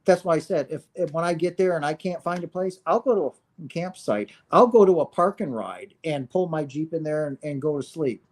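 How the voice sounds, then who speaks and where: A man's voice: fairly high pitch, fairly quick, few pauses, a little mellow. A man in his fifties from the United States holds forth on spirituality in a loose, unscripted monologue. He talks with earnest conviction and a preachy edge, keeps checking in with his viewers, and drops the odd curse word. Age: 50s. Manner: earnest, preachy, peppered with "right?" and profanity. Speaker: spiritual streamer.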